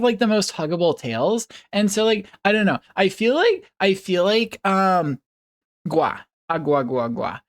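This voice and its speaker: A woman streamer chatting casually with her viewers, rambling and giggling, with playful puppy noises. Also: lowish voice.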